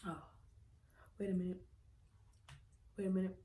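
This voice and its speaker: A woman's voice: on the low side, level tone, moderate pace, warm tone. A woman chatting expressively to her viewers while eating, in a casual mukbang vlog. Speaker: vlogger. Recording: echoey room.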